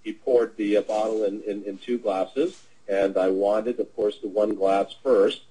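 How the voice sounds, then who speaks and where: A man's voice: lowish voice, steady tone, measured pace, dark tone, breathy edge, rough recording. A middle-aged man presenting a webinar, telling a sales anecdote in a casual, rambling way with many fillers and restarts. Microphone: webinar audio.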